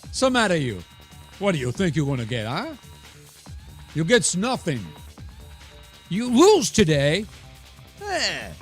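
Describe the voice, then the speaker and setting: A man hosting a live football talk show, slow and theatrical, his fairly high voice swooping widely from dramatic lows to excited peaks. He rambles and teases his listeners with long asides. Soft music plays underneath. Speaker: sports show host.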